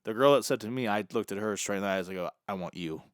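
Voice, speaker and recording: A young man co-hosting a podcast, telling an animated story and acting out the dialogue in casual chat. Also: lowish voice, racing, clean tone, no echo. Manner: animated, acts out quoted dialogue. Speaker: podcast co-host.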